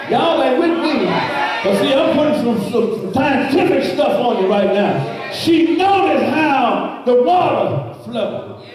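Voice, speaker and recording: A man preaching a sermon to his congregation, calling for responses and sliding into shouted, sung cadence. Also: very high-pitched, expressive, slow, crowd noise. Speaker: pastor. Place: church sanctuary. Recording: echoey church hall from far off.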